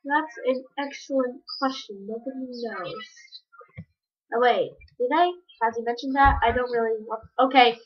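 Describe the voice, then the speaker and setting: A woman giving casual, rambling commentary while playing a game, breaking into sudden excited yelps. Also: a little high, normal speed. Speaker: gamer. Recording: dull lo-fi recording.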